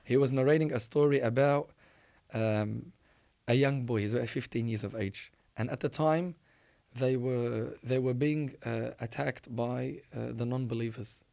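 A man preaching, telling a religious story in an animated, emphatic way and often restarting his sentences. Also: mid-range voice, unhurried, creaky.

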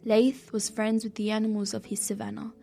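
A woman narrating a children's storybook in a gentle, steady read-aloud way. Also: mid-range voice, a little fast, creaky. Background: faint music.

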